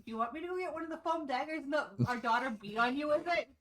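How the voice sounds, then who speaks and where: A woman with a high, bright voice, bantering bluntly with the host. Her tone is teasing and quick to push back, and her sound stays sharp and forward. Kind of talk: casual banter.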